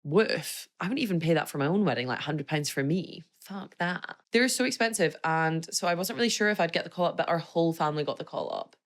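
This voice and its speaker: A woman's voice: sits low, expressive, brisk, hardly any pauses. A woman in her twenties hosting her own podcast, chatting in a bubbly, rambling way, digressing and laughing often. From Scotland. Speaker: podcast host. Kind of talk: casual solo podcast chat.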